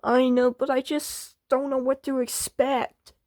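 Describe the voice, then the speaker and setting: A woman's voice: high-pitched, flat delivery, measured pace, a little mellow, dry recording. A woman voicing an anxious female washing machine that worries about repairs and mispronounces words. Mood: worried.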